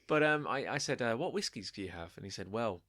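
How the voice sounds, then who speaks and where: A man's voice: medium pitch, expressive, fast, sharp tone, no echo, studio quality. A young man co-hosting a podcast, rambling through drinking anecdotes and acting out quotes with a laugh. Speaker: podcast co-host. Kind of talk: casual chat.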